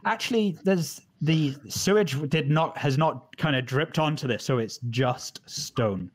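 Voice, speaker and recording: A man's voice: a little high, a little slow. Man running a tabletop game, rambling. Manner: relaxed, rambling with restarts. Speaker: dungeon master. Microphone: home mic on a live stream.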